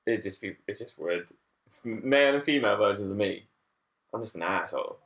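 A man's voice: lowish voice, lively intonation, brisk, a bit bright. A man hosting a casual chat, rambling, swearing and laughing often as he asks questions.

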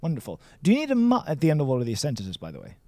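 A man's voice: mid-range voice, huge pitch swings, rapid-fire, dark tone, no room sound. A man from Sweden tutoring Chinese in a casual lesson, encouraging and playful, praising his student often. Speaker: language tutor.

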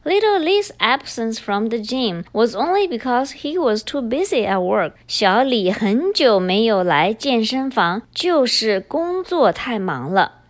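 A woman hosting a language-learning podcast, with a fairly high voice that rises and falls a lot. She explains grammar patterns patiently and repeats each example sentence clearly. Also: sing-song, measured pace, hardly any pauses. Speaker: podcast host and Chinese teacher. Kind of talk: bilingual language lesson.

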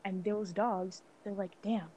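Animated young woman telling a tale. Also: mid-range voice, moderate pace, vocal fry, lo-fi sound, a little hiss or hum. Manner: animated, profane, acts out dialogue with stutters and restarts. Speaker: podcast guest. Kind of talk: casual storytelling chat.

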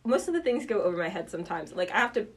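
A woman's voice: medium pitch, very animated, very fast, slight background noise. A young woman appearing as a podcast guest in casual chat, rambling, hesitant and self-deprecating. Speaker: guest actor.

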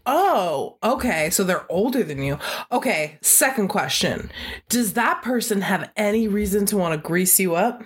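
A woman's voice: mid-range voice, animated, unhurried, husky. A woman co-hosting a podcast in casual chat, teasing her co-host with playful interjections and laughing easily.

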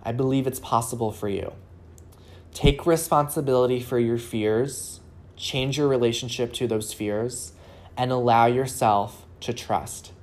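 Low-voiced woman giving relationship advice. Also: fairly even intonation, unhurried, darkish tone. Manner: earnest, coaching, asks rhetorical questions. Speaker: relationship coach. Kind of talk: solo advice talk.

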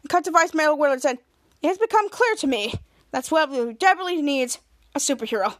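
A woman podcast host talks fast and animatedly, her voice a bit bright, in clean studio sound with no echo. She gives a casual recap of a TV episode scene by scene, raising her pitch to act out quotes and restarting sentences often.

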